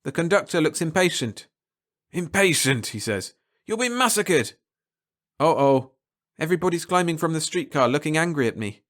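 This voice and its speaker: A man narrating a first-person short story aloud, expressive and swinging from hushed to excited. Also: fairly high pitch, a little fast. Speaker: audiobook narrator.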